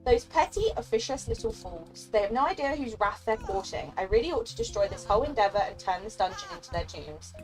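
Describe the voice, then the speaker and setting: A woman's voice: medium pitch, lively intonation, a little fast, hardly any pauses, faint music behind, natural voice, poor audio. A woman reading out a haughty, menacing female sorceress's game lines in her own voice with a scornful manner. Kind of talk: reading game dialogue aloud.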